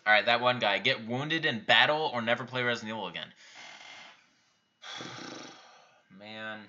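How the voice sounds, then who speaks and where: A man's voice: mid-range voice, fast talker, pushed and bright, lo-fi sound. A young man hosting a live viewer Q&A, reading out questions and answering them offhand and bluntly in a casual chat. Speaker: YouTube channel host answering viewer questions.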